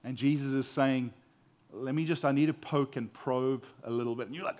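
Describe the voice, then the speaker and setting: A man with a South African accent preaching a sermon, earnest and expressive, with emphasis that rises and falls. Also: mid-range voice, normal speed, muffled recording.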